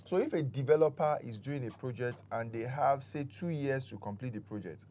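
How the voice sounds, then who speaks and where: A man's voice: medium pitch, brisk, warm tone, a little hiss or hum. A man, a real estate expert on a talk show, patiently explaining step by step with examples.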